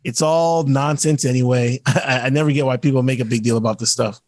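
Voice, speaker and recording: A man's voice: mid-range voice, steady tone, a little fast, no room sound, clean studio sound. A man co-hosting a podcast, talking in a rambling, emphatic way with some swearing. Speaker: podcast co-host. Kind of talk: casual chat.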